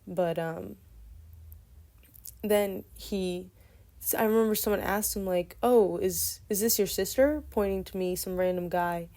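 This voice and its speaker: A woman in her twenties telling a personal story casually, in a meandering, soft-spoken way. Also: mid-range voice, unhurried.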